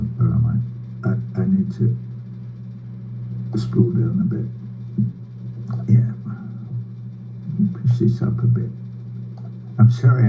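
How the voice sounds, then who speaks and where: An older man giving a prepared, sardonic political speech over a video call, slow and bitter, with wry laughs and swearing. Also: on the low side. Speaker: speaker addressing a rally by video. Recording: tinny phone-like line with faint hum.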